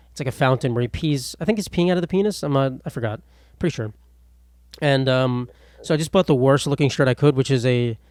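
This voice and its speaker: A man's voice: mid-range voice, darkish tone, dry recording, studio quality. A young man hosting a casual solo podcast, rambling through stories with self-deprecating asides. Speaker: podcast host.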